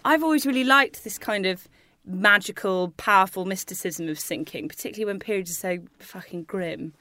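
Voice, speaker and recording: A woman chatting as a podcast co-host, arguing her corner with easy swearing and laughter. Her pitch sits mid-range for a woman. The sound is close and dry. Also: brisk, pushed and bright, no echo. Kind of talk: casual chat.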